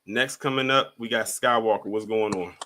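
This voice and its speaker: A man's voice: fairly low pitch, fairly even intonation, moderate pace, background noise. A man hosting a casual live stream, calling up callers one by one and chatting in a laid-back way. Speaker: livestream host.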